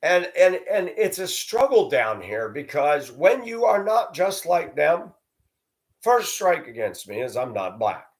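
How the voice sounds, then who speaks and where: This vlogger's voice is fairly high with big pitch swings, and he takes his time, rambling bluntly to the camera about personal matters and using coarse, sometimes crude language.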